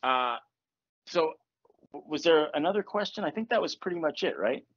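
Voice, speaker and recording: A man's voice: a little high, normal speed, lo-fi sound. A man hosting a podcast, telling stories in casual chat, laughing often and acting out the voices of the people in his stories. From Virginia. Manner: animated, laughing, acts out quoted voices. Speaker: podcast host. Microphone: earphones on a call.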